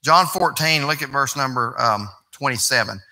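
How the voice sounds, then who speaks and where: A man's voice: medium pitch, moderate pace, sharp tone. A man, preaching a sermon as pastor in a folksy, conversational way that rises to emphatic preaching.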